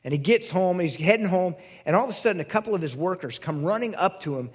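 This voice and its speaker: A man's voice: high voice, animated, fast talker, slightly rough. A male pastor giving a conversational sermon who restarts his sentences often.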